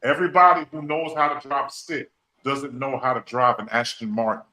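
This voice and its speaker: A man's voice: mid-range voice, fairly even intonation, brisk, pushed and bright, poor audio. A man hosting a podcast, speaking, repeating phrases and using folksy slang. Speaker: podcast host. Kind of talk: emotional motivational talk.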